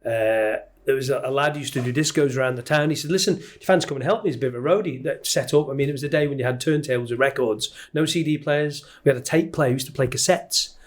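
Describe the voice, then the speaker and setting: A middle-aged man with a Manx accent, talking at a brisk clip in a relaxed interview. He is a chatty storyteller who acts out the people in his anecdotes. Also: medium pitch. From Isle of Man. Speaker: guest commentator. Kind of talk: casual interview chat.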